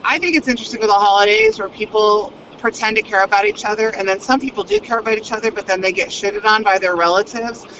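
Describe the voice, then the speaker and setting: A woman vlogging while she drives, talking in a fast, crude and unfiltered stream. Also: medium pitch, steady tone. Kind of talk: rambling monologue while driving. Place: inside a car in traffic. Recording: dull lo-fi car recording with road noise. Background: traffic noise.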